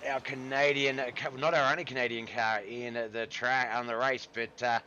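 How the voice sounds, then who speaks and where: Bright and forceful, a mid-range male voice delivers casual racing league commentary on a live stream at a moderate pace and steady tone, chatting with viewers he calls "brother." The sound is lo-fi, with slight background noise.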